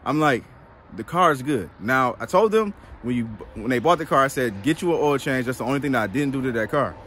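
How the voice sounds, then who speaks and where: A man telling a story to camera in a casual vlog, animated and exasperated, full of slang. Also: medium pitch, a little fast, a little hiss or hum. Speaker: used car dealer vlogger.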